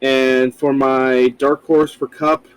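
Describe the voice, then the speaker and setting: A man's voice: mid-range voice, flat delivery, takes it slowly, smooth, no echo, rough recording. A man co-hosting a casual podcast, talking loosely with frequent swearing and rambling asides. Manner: loose, profane, rambling with fillers. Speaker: podcast co-host.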